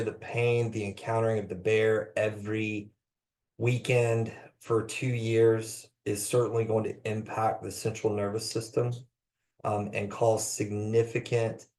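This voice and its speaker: Halting male presenter full of fillers. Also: fairly low pitch, a little mellow. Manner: hesitant, many fillers and restarts. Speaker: trainer on trauma-informed care. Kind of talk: live presentation to clinicians.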